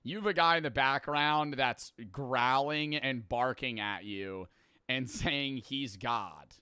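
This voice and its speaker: A man's voice: mid-range voice, takes it slowly, pushed and bright, clear, resonant tone, no room sound, clean studio sound. A man streaming a reaction to a video, chatting casually and joking with quoted asides.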